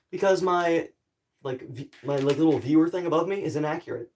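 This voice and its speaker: A man's voice: fairly high pitch, lively intonation, moderate pace, a little mellow, a little hiss or hum. Groggy young man rambling on a live stream. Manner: rambling, apologetic, chatty with viewers. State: groggy morning voice. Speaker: livestreamer. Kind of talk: casual live stream chat. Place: home in a rural area.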